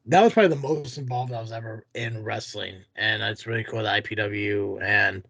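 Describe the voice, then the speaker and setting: Low-voiced, profane podcast host. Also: male voice, fairly quick, gravelly, fairly bright tone, dry recording. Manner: profane, rambling, many fillers. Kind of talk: casual chat.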